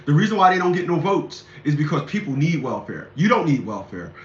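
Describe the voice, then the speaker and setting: A man's voice: a little high, sing-song, brisk. A middle-aged man hosting a commentary show, lecturing emphatically and repeating himself in a casual monologue. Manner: emphatic, repetitive, preachy. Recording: echoey lo-fi room recording.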